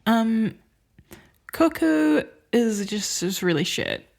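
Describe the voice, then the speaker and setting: Her voice is fairly high, sing-song, slow, gravelly and slightly mellow. As a podcast co-host, she reviews films she saw in casual, meandering chat packed with fillers and laughter.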